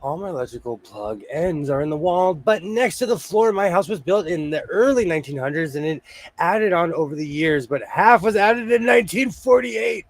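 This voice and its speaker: A man's voice: sits high, lively intonation, moderate pace. A man hosting a casual chat from his home sewing room, a rambling, jokey storyteller. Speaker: host.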